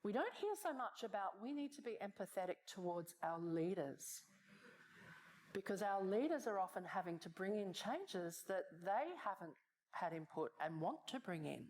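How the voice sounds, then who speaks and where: Lively woman keynote speaker, conversational and animated, mid-range voice. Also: mid-range voice, normal speed. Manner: animated, conversational, frequent rhetorical "right?". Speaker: conference speaker. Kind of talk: keynote talk. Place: conference stage.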